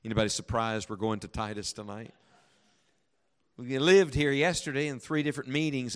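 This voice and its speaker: A man preaching in a church, his fairly high voice dropping to a hush and then climbing high and loud. He draws out scripture word by word, leaning hard on each phrase for his congregation. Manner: dramatic storytelling with big swings from hushed to loud; reads scripture slowly with heavy emphasis. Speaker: pastor. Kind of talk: sermon. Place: church sanctuary before a congregation.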